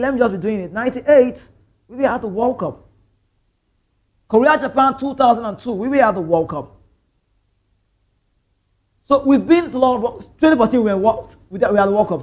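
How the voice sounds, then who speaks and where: A young Nigerian man with a Nigerian accent, hosting a casual football talk stream, chatting and reading out viewer comments, slipping into pidgin. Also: sits high. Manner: chatty, animated, drifts into pidgin. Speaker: sports show host.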